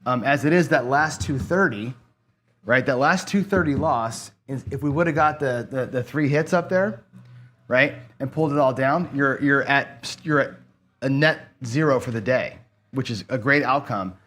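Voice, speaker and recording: A man's voice: mid-range voice, moderate pace, a bit bright. A man hosting a gambling channel, giving casual play-by-play commentary in a rambling, profane way, as if talking to himself. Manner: rambling, profane, talks to himself while playing.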